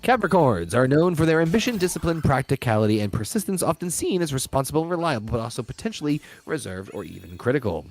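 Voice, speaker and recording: A man's voice: medium pitch, big pitch swings, fast, hardly any pauses. A middle-aged man hosting a casual gaming chat, swearing and joking, reading lists aloud. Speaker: host.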